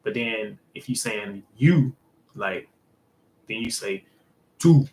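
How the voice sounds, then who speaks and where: A man walks through a lesson in an easygoing, rambling way, leaning on fillers and punctuating points with "boom". His voice sits on the low side, and he takes his time. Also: steady tone, takes it slowly, rough recording. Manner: loose, filler-heavy explaining, says "boom". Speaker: host. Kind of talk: casual language lesson.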